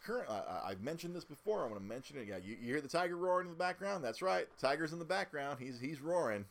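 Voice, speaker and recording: A man's voice: on the high side, expressive, quick pace, gravelly. A man co-hosting a casual podcast, talking with many stammered restarts and repeated words. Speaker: podcast co-host.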